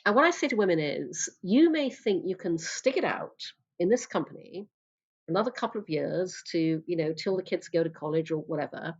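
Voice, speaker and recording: A woman's voice: on the low side, lively intonation, brisk, slightly rough, lo-fi sound. A woman speaking as a guest coach in a casual interview, blunt and emphatic, swearing freely.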